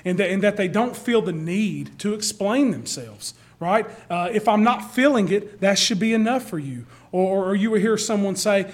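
A man's voice: sits high, fairly quick, hardly any pauses. A male pastor giving a conversational sermon, often repeating words as he starts a sentence.

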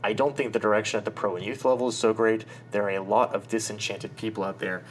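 A man's voice: fairly low pitch, fairly even intonation, fast talker, slight background noise, close to an everyday voice. A man voicing a blunt, critical middle-aged Boston lawyer in a mock Boston accent while quoting him. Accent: Boston, put on badly.

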